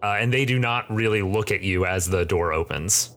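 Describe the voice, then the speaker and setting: A man narrating as game master of a tabletop game, describing the scene in a halting way with many restarts. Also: deep voice, fairly bright tone. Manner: halting, full of fillers and restarts.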